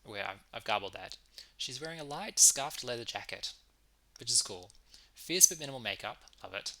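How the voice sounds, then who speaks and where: A man streams a let's play of a visual novel, reading its text out loud and stopping for talkative asides. His medium-pitched voice is animated, bright and forceful, moving at a moderate pace. The audio is poor.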